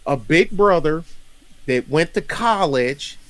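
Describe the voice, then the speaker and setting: A man in his fifties from North Carolina, hosting a casual chat and telling stories in an animated, rambling way with frequent laughter. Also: a little high, slow, no room sound. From North Carolina, USA. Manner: rambling, animated storyteller who laughs often. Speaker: podcast host.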